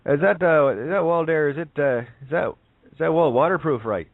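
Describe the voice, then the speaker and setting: A man's voice: fairly high pitch, lively intonation, brisk, creaky, no room sound, voice pushed up. Man putting on a stammering Newfoundland joker. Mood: eager. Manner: hesitant, stammering questions. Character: Newfoundland man in a joke, eager and simple. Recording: tinny phone line, dry.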